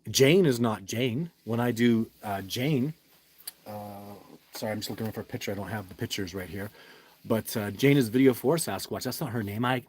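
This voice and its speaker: A man with a mid-range, darkish voice hosts a casual livestream. He rambles and restarts as he reads viewer comments, answering them emphatically and with certainty.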